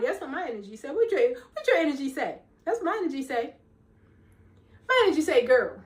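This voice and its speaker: A middle-aged woman life coach giving a motivational talk in an emphatic, preacherly way, with a loud, commanding voice, calling listeners "baby" and "girl.". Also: high-pitched, sing-song, a little fast, distant mic. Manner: self-described loud, commanding voice.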